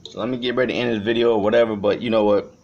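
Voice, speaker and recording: A man from Chicago talking to the camera in an unscripted vlog. He rambles and swears, swinging between shouting and quiet reflection. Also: lowish voice, fairly even intonation, rapid-fire. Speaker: vlogger. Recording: dull lo-fi recording.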